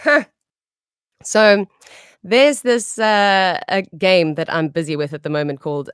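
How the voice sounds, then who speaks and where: A woman's voice: medium pitch, unhurried, smooth, dry recording, clean studio sound. A young South African woman with a South African accent, chatting bubbly and laughing often as a voice actress in an interview. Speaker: voice actress guest. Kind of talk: casual interview chat.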